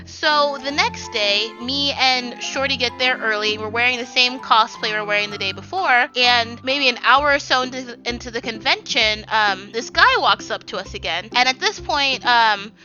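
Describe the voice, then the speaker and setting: A woman in her twenties telling a rambling, animated story for a vlog, full of "like" and "you know.". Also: fairly high pitch, normal speed, few pauses, lo-fi sound, over music. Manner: rambling, filler-heavy, animated retelling. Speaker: vlogger.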